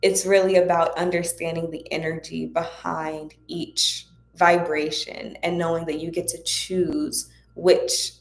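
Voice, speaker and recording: Low-voiced woman giving chatty spiritual advice. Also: flat delivery, a little slow, hardly any pauses. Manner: chatty and encouraging, speaks directly to viewers. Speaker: host of a spiritual Q&A livestream. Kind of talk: casual spiritual guidance talk. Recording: echoey room.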